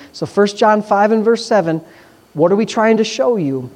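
Animated preacher. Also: medium pitch. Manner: conversational and animated, with asides and quick questions to the congregation. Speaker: pastor. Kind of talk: sermon.

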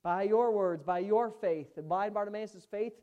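A woman preaching a sermon, emphatic, swinging from hushed asides to loud, fervent exclamations. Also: medium pitch, normal speed, muffled recording.

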